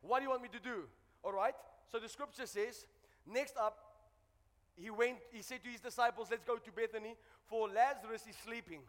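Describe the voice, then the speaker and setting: A high-pitched man preaches a sermon to his congregation, swinging between loud, shouted calls to the crowd and quiet, joking asides. His voice carries a long church-hall reverb. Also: fairly quick. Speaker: pastor.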